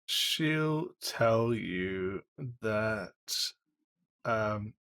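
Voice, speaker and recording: Slow-paced male game master. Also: fairly low pitch, animated, fairly bright tone, clean tone. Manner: halting narration with frequent ums. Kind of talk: narrating a tabletop game.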